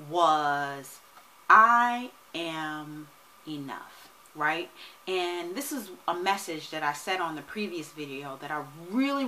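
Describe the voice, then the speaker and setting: Give me a forceful, energetic woman coach chatting to her viewers. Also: lowish voice, slight background noise, poor audio. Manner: energetic and emphatic, often asks "right?". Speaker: money and wealth coach. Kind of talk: casual vlog talk to camera.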